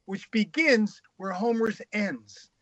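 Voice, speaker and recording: A man, a guest author, telling crude, frank stories in a casual, animated way. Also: sits high, takes it slowly, no echo, lo-fi sound. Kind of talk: casual anecdotal storytelling.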